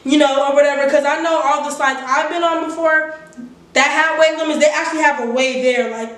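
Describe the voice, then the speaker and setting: A woman vlogger telling a funny personal story in a casual, animated way, laughing and swearing as she goes. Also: high voice, a little fast. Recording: roomy echo from a distance.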